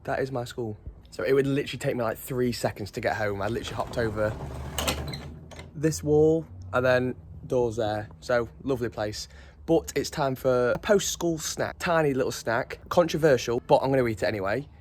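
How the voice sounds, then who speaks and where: A man's voice: medium pitch, moderate pace, darkish tone. A young man, chatting enthusiastically in a casual food vlog. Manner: enthusiastic and chatty, lots of exclamations. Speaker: vlogger.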